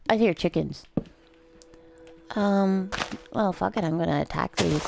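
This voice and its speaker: A woman's voice: mid-range voice, a little slow, creaky, pauses often, background noise. A drunk woman giving rambling, foul-mouthed commentary while playing a video game, easily amused. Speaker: gameplay commentator. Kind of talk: rambling let's-play commentary.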